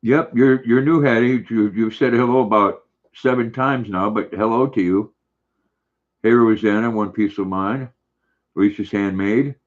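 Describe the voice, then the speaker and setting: Older male stream host, low-pitched, laid-back, reads chat aloud; dull lo-fi audio. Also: unhurried. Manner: relaxed, friendly, chatty. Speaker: livestream host. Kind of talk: casual livestream chat, reading comments aloud.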